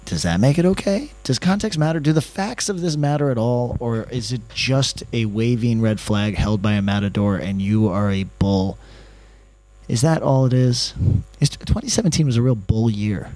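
A man's voice: medium pitch, moderate pace, dark tone, dry recording. Podcast guy telling a story, swears a lot, rambly and self-mocking, dry close mic. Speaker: podcast host. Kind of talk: profane comedic storytelling.

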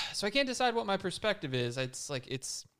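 A man's voice: high-pitched, sing-song, normal speed, bright, forceful tone, smooth. A man co-hosting a casual sports podcast, speaking thoughtfully and with some hesitation. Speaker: podcast co-host.

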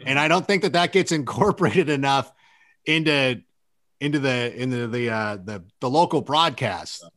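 A man's voice: medium pitch, moderate pace, fairly bright tone. A man in his thirties from Southern California, chatting casually on a podcast and rambling with lots of "like" fillers. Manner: rambling, filler-heavy with many likes. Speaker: sports media guest.

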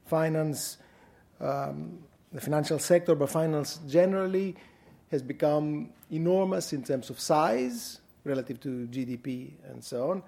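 Greek-accented man lecturing, mellow voice. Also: fairly high pitch, vocal fry. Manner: measured, deliberate, frequent ums. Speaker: guest lecturer. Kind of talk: academic lecture. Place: university lecture hall.

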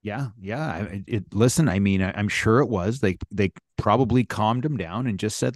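A man's voice: on the low side, moderate pace, few pauses, dry recording, studio quality. A man co-hosting a podcast, speaking bluntly and with emphasis about hockey. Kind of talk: casual chat.

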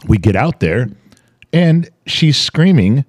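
An older man, co-hosting a podcast, chatting casually and telling animated stories with acted-out voices. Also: mid-range voice, takes it slowly, dry recording. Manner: animated storytelling, acting out voices. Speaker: podcast co-host. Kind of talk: casual chat.

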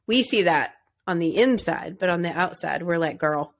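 A woman co-hosting a casual chat, adding quick reactions and opinions to the story. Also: on the low side. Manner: quick reactions and agreeing asides. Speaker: podcast co-host.

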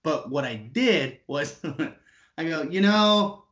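A man in his twenties telling an animated story, swearing freely and acting out the other people's lines. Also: fairly high pitch, takes it slowly, dull audio.

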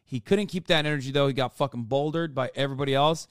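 A man's voice: medium pitch, fast, clear, resonant tone, dry recording, clean studio sound. A man hosting a livestream, giving profane, ranting political commentary with mocking asides. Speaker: livestream host.

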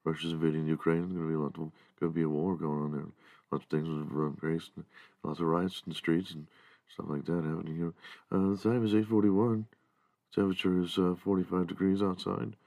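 A hushed, drowsy male public-radio host, as a man puts him on, speaking low and quietly. The sound is dry and close to the mic, with no room around it. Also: level tone, brisk, vocal fry, no echo. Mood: sedate.

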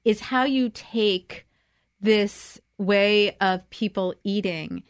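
A woman's voice: medium pitch, extremely slow, smooth, no room sound. Chatty female co-host, dry sound. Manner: chatty, laughing often. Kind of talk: radio food talk show.

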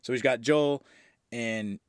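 A man talks through a horror movie scene by scene in a casual, excited podcast recap, with plenty of fillers and a swear now and then. His voice sits at an ordinary middle pitch. The sound is close and dry, with no room around it. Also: slow pace, smooth, no echo. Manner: loose and enthusiastic, with frequent fillers and the odd swear. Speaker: movie review podcast host.

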